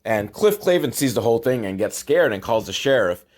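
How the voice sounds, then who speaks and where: Podcast guy ranting about a dumb movie, sarcastic and fed up, rambly, normal pitched voice. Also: big pitch swings, fairly quick, darkish tone. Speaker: podcast host.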